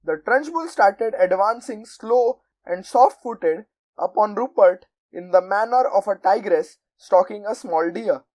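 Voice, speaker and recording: A young woman narrating a children's storybook aloud in a measured, expressive way. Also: medium pitch, low-quality recording. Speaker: volunteer audiobook reader.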